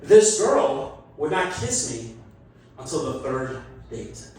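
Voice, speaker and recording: A man's voice: mid-range voice, sing-song, slow, a loud crowd. A man doing a stand-up comedy set, chatty and self-deprecating, often laughing at his own jokes. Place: comedy club stage. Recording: roomy echo, voice from a distance. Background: audience laughter and call-backs.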